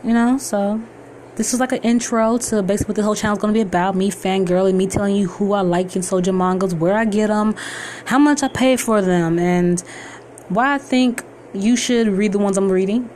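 A young woman hosting her own podcast, talking excitedly and rambling with lots of fillers and restarts. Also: medium pitch, a little hiss or hum. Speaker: podcast host. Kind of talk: casual solo podcast intro.

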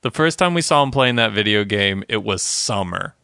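A man's voice: fairly low pitch, lively intonation, moderate pace, gravelly, bright, forceful tone, clear, resonant tone, no echo, studio quality. A man co-hosting a podcast, casually recapping a TV episode, laid-back and laughing often as he acts out the characters' lines. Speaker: podcast co-host.

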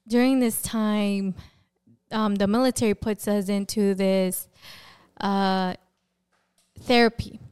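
A young adult woman, a podcast guest, giving a personal testimony in a lively conversational way and acting out the words of people in her story. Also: mid-range voice, clear, resonant tone. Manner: animated storyteller who acts out quoted dialogue and fills with "like".

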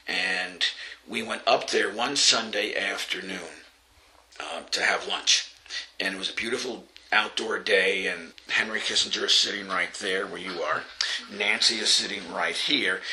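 A man's voice: sits low, pushed and bright, a little hiss or hum, rough recording. An older man from Long Island telling an anecdote in an interview, acting out the voices of the people in it and often laughing. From Long Island, New York. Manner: storytelling, acts out quoted voices, laughs often.

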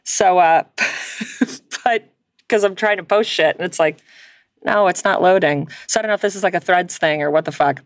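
Woman, podcast co-host, low voice, swears a lot, laughs often, dry close sound. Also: normal speed, dry recording. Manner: profane, laughs often, calls her co-host girl. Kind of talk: casual chat.

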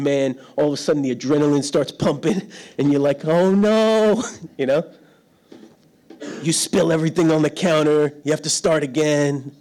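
A man's voice: fairly high pitch, a little mellow. A middle-aged man preaching a sermon in a church hall, telling stories about himself and laughing often. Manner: storytelling, self-deprecating, laughs often. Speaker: pastor. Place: church hall without windows.

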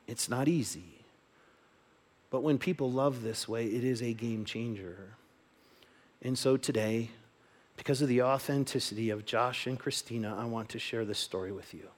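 A man pastor giving a sermon, moving between loud, emphatic declarations and soft, hushed reading. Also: mid-range voice, normal speed.

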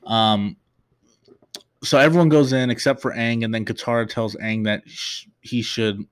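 A man's voice: mid-range voice, fairly even intonation, moderate pace, clean tone, dry recording. Chatty man recapping, dry sound. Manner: chatty, emotional, many fillers and restarts. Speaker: podcast host. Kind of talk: casual episode recap.

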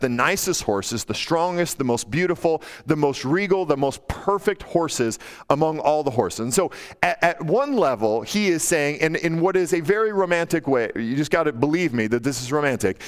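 A male pastor preaching a casual, animated sermon, acting out quotes in a playful, high teasing voice. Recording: long hall reverb.

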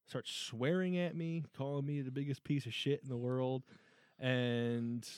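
A man's voice: mid-range voice, steady tone, a little slow, darkish tone, clean tone, no room sound, studio quality. A man co-hosting a podcast, telling a story in casual chat, swearing and laughing as he goes. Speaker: podcast co-host.

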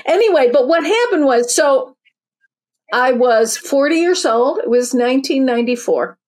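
A woman in her fifties or older, a spiritual teacher and author, recounts her story in an interview, earnest and chatty, often restarting. Her voice sits high with lively intonation and a darkish tone, at normal speed.

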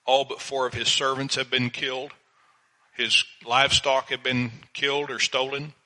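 An older man, a pastor, preaching a sermon in a slow, measured way and reading Bible verses aloud. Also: medium pitch, level tone, sharp tone, low-quality recording.

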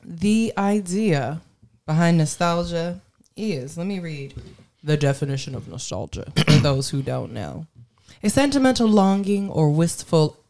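Low-voiced woman leading podcast talk. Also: lively intonation, a little slow, warm tone. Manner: leads the topics, asks the others questions. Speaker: podcast co-host. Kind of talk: casual podcast chat.

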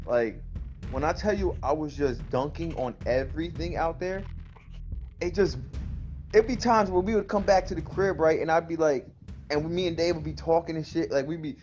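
A man's voice: fairly high pitch, moderate pace, a little mellow, dull audio, faint music behind. A man co-hosting a casual chat, boasting and trash talking with heavy profanity. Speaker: podcast co-host.

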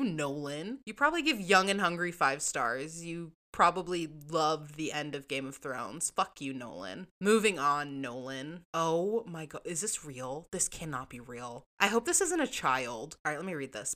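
A young woman with a bright, forceful tone and a slightly low voice for a woman. She reads reviews aloud in a casual vlog, reacts with sarcastic disbelief and swears freely. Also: very animated, unhurried, few pauses. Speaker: vlogger reading reviews.

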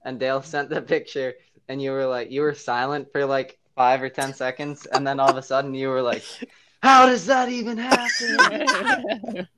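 A man's voice: medium pitch, little pitch movement, a little fast, few pauses. A young man in a casual podcast chat, chiming in and laughing as he recalls a prank. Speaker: podcast guest. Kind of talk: casual chat among friends.

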